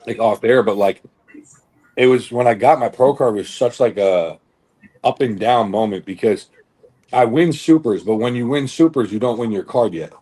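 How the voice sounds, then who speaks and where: A man's voice: medium pitch, moderate pace, mellow, husky. A young man on a podcast telling a long story in a casual, rambling way, with lots of fillers and swearing. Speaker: podcast co-host, bodybuilder. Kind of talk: casual chat.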